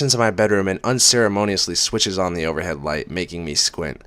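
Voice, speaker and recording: A man's voice: low-pitched, animated, fairly quick, hardly any pauses, sharp tone, smooth, dry recording. A man reading a book aloud in the first person, breaking off for sarcastic, profane asides. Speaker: reader.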